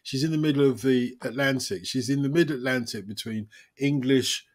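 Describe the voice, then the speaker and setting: A man hosting a conversation, telling stories in a lively, opinionated way. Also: medium pitch, normal speed. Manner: storytelling, animated and opinionated. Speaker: host. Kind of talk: casual chat.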